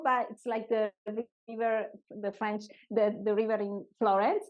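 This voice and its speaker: A woman with an Italian accent, hosting a live online cooking class from her home kitchen in a chatty way, often pausing to find her English words. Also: medium pitch, level tone, lo-fi sound. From Italy. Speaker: cooking teacher and host.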